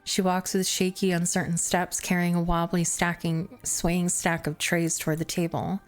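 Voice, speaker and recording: A woman's voice: on the low side, level tone, soft background music. Woman streamer reading a game aloud. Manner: casual with quick asides. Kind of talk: reading a visual novel aloud.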